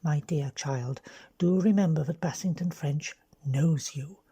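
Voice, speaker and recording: A woman with an English accent voicing a bold young aristocratic woman who lays out a scheme in a brisk, bossy way. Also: sits low, dark tone, husky, heavily acted. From London.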